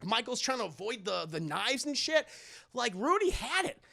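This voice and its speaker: Streamer narrator, bright gravelly voice, profane, laughs a lot. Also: medium pitch, moderate pace. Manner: profane, animated, laughs often. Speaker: streamer recapping a film. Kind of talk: casual storytelling to chat.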